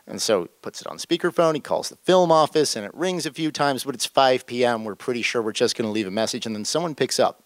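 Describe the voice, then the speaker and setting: Smooth, wry male storyteller. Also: medium pitch, brisk, no echo. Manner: animated, wry, self-deprecating. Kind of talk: live storytelling.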